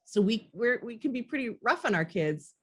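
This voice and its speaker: Earnest, animated woman parenting coach. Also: a little high, moderate pace, slightly rough. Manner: earnest, animated, acts out talks with kids. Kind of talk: interview conversation.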